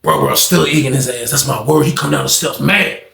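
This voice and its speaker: A man casually telling a story in a slangy, profane, animated way, acting out what people said. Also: medium pitch, brisk, creaky. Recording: roomy echo.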